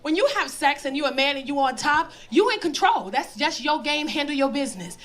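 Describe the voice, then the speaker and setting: A middle-aged woman doing a stand-up comedy set, telling stories loudly with lots of put-on voices, on a club stage with a handheld mic. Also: high-pitched, a little fast. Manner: bold, loud, animated storytelling with put-on voices. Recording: live club recording with crowd laughter.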